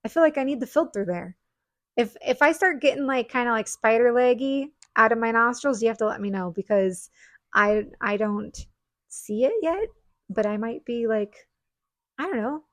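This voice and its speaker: A woman host in casual conversation, bubbly and quick to laugh as she tells animated stories. Her voice sits a little high. The sound is dry and close, with no room around it. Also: dry recording. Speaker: podcast host, esthetician. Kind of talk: casual chat.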